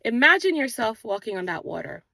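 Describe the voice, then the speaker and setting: A woman's voice: fairly high pitch, very animated, a little fast, gravelly, bright, forceful tone, dry recording. A woman host giving an earnest spiritual motivational talk, with an accent she mentions herself and a repetitive, preaching rhythm, recorded outdoors on a walk. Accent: non-native English accent, origin unstated. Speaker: manifestation channel host.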